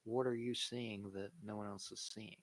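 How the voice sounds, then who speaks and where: A man's voice: on the low side, flat delivery, moderate pace. A man hosting a livestream, giving blunt, opinionated casual chat about wrestling and sports and swearing freely. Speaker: livestream host.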